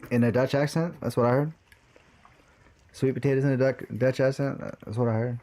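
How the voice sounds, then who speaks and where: A man's voice: medium pitch, fairly even intonation, brisk, dark tone. A young man chatting casually on a live stream, swearing now and then as he sets up his audio.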